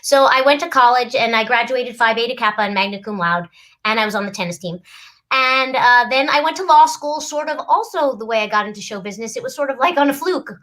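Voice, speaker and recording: A middle-aged woman with a somewhat high voice talks in an easy, animated way. She chats casually, laughs readily and slips into little character voices mid-sentence. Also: quick pace. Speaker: voice actress and lawyer. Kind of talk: casual chat.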